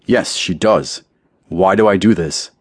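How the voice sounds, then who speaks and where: A man's voice: low-pitched, measured pace, husky, no echo. A male narrator voicing an exasperated, weary middle-aged manager in an audiobook. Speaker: audiobook character. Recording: dry close studio recording.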